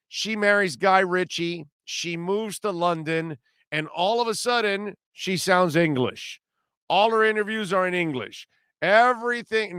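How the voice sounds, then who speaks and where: A male sports radio host talks in a blunt, rambling way with sarcastic jabs. His voice is smooth and somewhat high, and the sound is close and dry. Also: bright, forceful tone, no echo. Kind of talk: opinionated sports talk.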